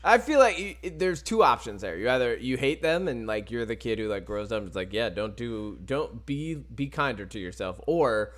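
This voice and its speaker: A man's voice: medium pitch, animated, normal speed, hardly any pauses, a bit bright. A man hosting a podcast, chatting casually and joking, often laughing. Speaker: podcast host.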